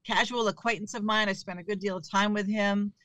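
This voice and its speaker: A woman guest in a talk interview tells stories candidly and conversationally. Her voice is bright and forward, and the sound is dry and close. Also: medium pitch, steady tone, fairly quick, no echo. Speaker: actress, comedian and author guest. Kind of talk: casual interview chat.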